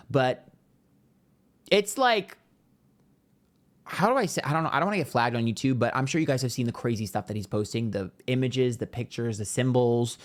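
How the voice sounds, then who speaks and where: A tarot reader vents in a casual vlog, blunt and openly profane. The talk stays heated, and it is aimed straight at the viewers. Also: mid-range voice.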